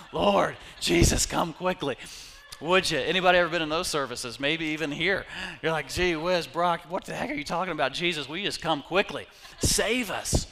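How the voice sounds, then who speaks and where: A middle-aged man, a pastor, preaching an energetic sermon, swinging between hushed asides and shouted exclamations. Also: medium pitch, in a large hall.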